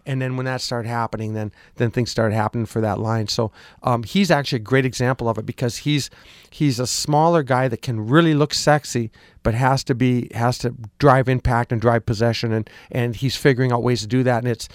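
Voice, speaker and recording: A man's voice: medium pitch, fairly quick, no room sound, clean studio sound. A man coaching hockey, answering questions in a casual interview, rambling with lots of restarts and fillers, his voice a little worn. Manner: rambling, repeats words, frequent ums. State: slightly lost voice.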